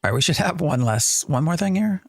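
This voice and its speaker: A man's voice: fairly high pitch, animated, brisk, creaky, no echo, faint music behind. A man streaming a game live, chatting and thinking aloud as he plays and answering his chat. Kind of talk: live gameplay commentary.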